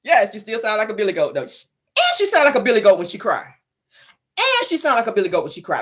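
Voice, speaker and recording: A woman's voice: mid-range voice, big pitch swings, quick pace, fairly bright tone, husky. A woman hosting a celebrity gossip show from her car, talking casually, teasing and profane, laughing often.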